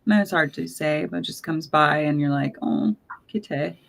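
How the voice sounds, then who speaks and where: Chatty woman with a lowish voice. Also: brisk, creaky, fairly bright tone. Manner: chatty, laughs often, trails off mid-sentence. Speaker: podcast host. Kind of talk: casual chat.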